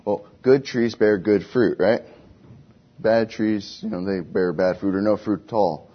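Casting: a man with a low, husky voice as a chatty Bible teacher. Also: unhurried. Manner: conversational, asks the class questions. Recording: dull lo-fi recording.

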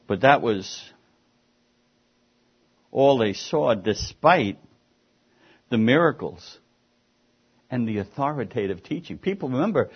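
A male preacher with a husky voice gives an explanatory sermon, his pitch swinging widely as he drives points home. The recording sounds dull and lo-fi. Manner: emphatic, explanatory preaching with rising and falling emphasis. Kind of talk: expository sermon.

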